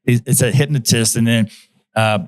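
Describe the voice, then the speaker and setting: A man's voice: mid-range voice, steady tone, moderate pace, dry recording. A man, a magician guest in a casual podcast chat, talking hesitantly with many fillers and restarts.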